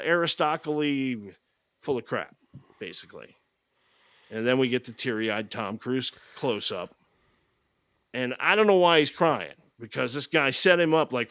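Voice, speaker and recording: A man's voice: mid-range voice, bright, forceful tone, dry recording, clean studio sound. A man hosting a podcast, recapping a movie in a casual, sarcastic, mocking way. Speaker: podcast host.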